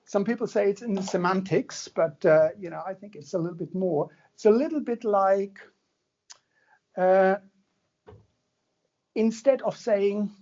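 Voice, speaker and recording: A man with a high, slightly mellow voice gives a university lecture at an unhurried pace, pausing often. He's conversational and jokey, checking in with the audience frequently, and the sound is lo-fi.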